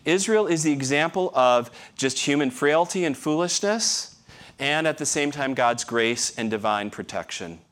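A man's voice: on the high side, expressive, normal speed, a bit bright. A middle-aged man, a pastor, giving a conversational sermon full of rhetorical questions and wry self-deprecating humor.

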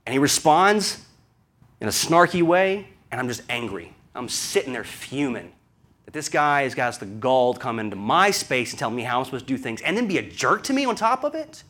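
A man's voice: medium pitch, very animated, moderate pace, fairly bright tone. Southern man preaching a conversational sermon. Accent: Southern American. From American South. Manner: conversational storytelling, asks rhetorical questions. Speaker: pastor.

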